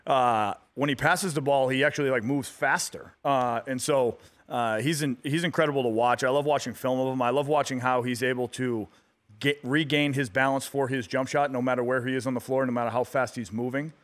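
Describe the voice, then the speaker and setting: A man's voice: medium pitch, brisk. Guy in his 30s on a radio show, laid back, lots of uh and you know. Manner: relaxed storyteller, lots of fillers and restarts. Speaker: guest athlete. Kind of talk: casual radio interview.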